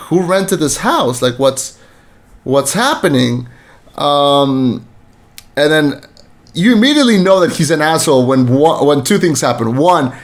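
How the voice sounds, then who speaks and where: A man chatting on a film review podcast, his voice sitting a little high for a man. He rambles, restarts his sentences and acts out what the characters said with plenty of energy. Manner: rambling, many fillers and restarts, animated quoting. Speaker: podcast co-host. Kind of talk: casual film review chat.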